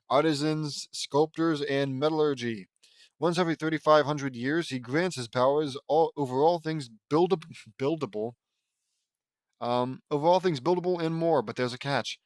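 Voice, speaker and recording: A man reads his own fan fiction aloud in a loose, casual audiobook style, stopping to crack sarcastic jokes between lines. His voice sits a little high for a man. The recording is dry and close, made on a home microphone. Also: dry recording. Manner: joking, sarcastic asides between read lines. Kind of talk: casual audiobook reading with asides. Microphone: close home mic.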